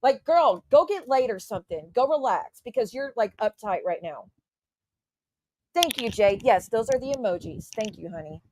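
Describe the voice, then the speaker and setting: A woman's voice: a little high, animated, normal speed, noisy background. A woman livestreamer ranting to her chat in an indignant, profane, casual way. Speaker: YouTube livestreamer.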